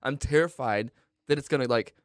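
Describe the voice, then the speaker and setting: A man's voice: mid-range voice, a little fast, no echo, studio quality. A man in casual chat who talks in a profane, self-mocking, emphatic way.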